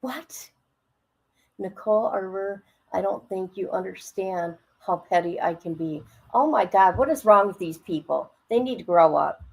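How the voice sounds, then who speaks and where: A woman giving blunt, sarcastic reaction commentary over a video, incredulous and quick to swear. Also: medium pitch, gravelly, slightly rough, poor audio. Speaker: reaction streamer.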